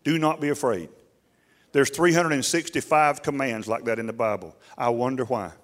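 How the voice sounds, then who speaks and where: A man's voice: medium pitch, normal speed, fairly bright tone. A man preaching a sermon, repeating key phrases and putting questions to his congregation in a folksy, drawling way.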